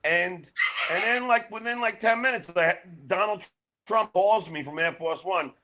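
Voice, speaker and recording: Male podcast guest, bright and high, loud animated storyteller. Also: a little slow. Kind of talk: casual chat.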